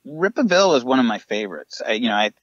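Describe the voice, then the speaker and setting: A man's voice: mid-range voice, big pitch swings, fast, no echo, highs cut off. A man, a paranormal investigator, earnestly recounting his ghost encounters as a podcast guest. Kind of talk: storytelling in a podcast interview.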